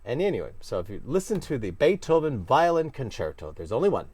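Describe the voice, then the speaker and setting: Lively, animated male cello teacher. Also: mid-range voice, fast talker, dry recording. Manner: animated, playfully emphatic teaching with sudden exclamations. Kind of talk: casual cello lesson. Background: cello playing.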